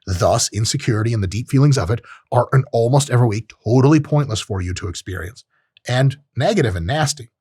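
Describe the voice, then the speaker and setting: A man's voice: mid-range voice, animated, fast, a little mellow, breathy edge, no echo, clean studio sound. A man hosting a podcast, giving a blunt, profane casual monologue and acting out short voices. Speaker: podcast host. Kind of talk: casual monologue on self-improvement.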